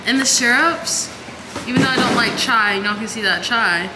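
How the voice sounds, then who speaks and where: A woman's voice: a little high, normal speed, heavy background noise. A young woman in her twenties chatting casually to her vlog camera, filling her talk with "like.". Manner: chatty, lots of filler "like". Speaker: vlogger.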